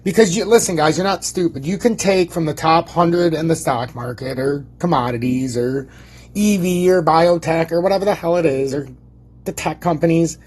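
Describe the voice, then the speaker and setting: A man streaming casual market commentary, brash and boastful, swearing freely and rambling, with a husky voice. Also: on the high side, normal speed, darkish tone. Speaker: crypto chart streamer.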